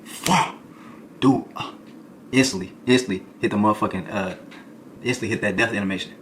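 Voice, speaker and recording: A young adult man, a streamer, telling a comedic storytime in an animated, slangy way, peppering his lines with "boy" and "folk". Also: lowish voice, a little fast, slight background noise.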